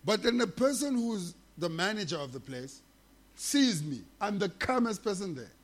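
High-voiced man telling a story. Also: normal speed. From South Africa. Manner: animated, profane, laughing often. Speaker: comedian guest. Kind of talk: comic storytelling in casual chat.

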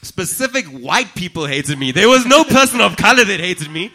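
A comedian chatting as a podcast guest, loose and profane in his storytelling. His voice is bright and forceful, sitting a little above the usual male range. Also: high voice, brisk, hardly any pauses. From South Africa. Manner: profane, joking, animated storytelling. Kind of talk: casual chat.

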